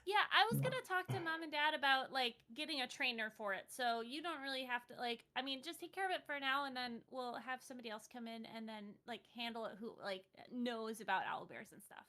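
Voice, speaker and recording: A woman's voice: on the high side, brisk, hardly any pauses, bright, forceful tone. A woman playing a tabletop game, chatting in a rambling way full of 'like's. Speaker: player. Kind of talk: casual tabletop game play.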